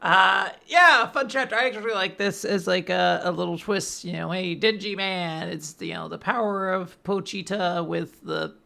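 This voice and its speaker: Man, podcast co-host, high pitch, bright tone, excitable, laughs often. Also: moderate pace, creaky, hardly any pauses. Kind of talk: casual chat recapping manga.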